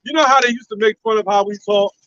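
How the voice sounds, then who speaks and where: A man with a very high, bright and lively voice delivers an emphatic biblical teaching, laughing between points. He sounds distant from the mic, and the recording is dull and lo-fi. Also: fast, no echo. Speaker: religious teacher. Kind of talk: street-style biblical teaching.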